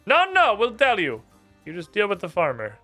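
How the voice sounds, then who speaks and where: A man voicing a secretive Soviet penguin spy who talks gruffly and calls people comrade, while playing a game. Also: high voice, wildly swooping pitch, moderate pace, sharp tone, soft background music, exaggerated voice. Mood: grudging. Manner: gruff, curt commands, calls everyone comrade.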